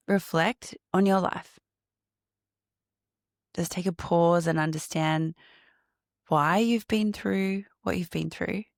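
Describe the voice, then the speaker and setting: A woman hosting her own podcast, reflecting on healing and breathwork, laughing often and slowing into a guided meditation. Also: on the low side, gravelly, dry recording, clean studio sound. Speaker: podcast host and breathwork coach.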